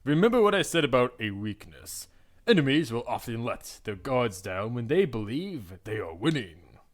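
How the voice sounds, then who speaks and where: A man's voice: medium pitch, very animated, normal speed. Man reading as a smug, teasing male combat mentor. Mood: stern. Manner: lecturing, mocking.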